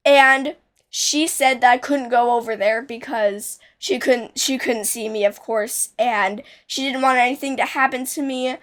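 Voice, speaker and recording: A woman's voice: on the high side, steady tone, a little slow, a bit bright. A young woman telling a childhood story in a casual, rambling way, with many restarts and fillers.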